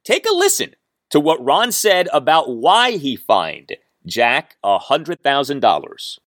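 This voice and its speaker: Male sports podcast host, animated delivery, dry close-miked sound, emphatic and precise. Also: a little high, takes it slowly, dry recording. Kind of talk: podcast commentary and host-read ad.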